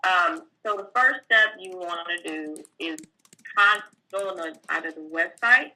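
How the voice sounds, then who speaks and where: A woman's voice: on the low side, a little slow, sharp tone, low-quality recording. A woman tax professional, a guest, explaining filing rules step by step in a plainspoken, casual way, with fillers. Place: California.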